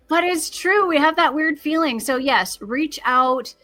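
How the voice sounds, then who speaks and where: A woman with a bright, slightly high voice talks about grief in an earnest, encouraging way. She speaks as a podcast guest giving practical advice. Soft music plays faintly behind her. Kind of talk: conversational advice.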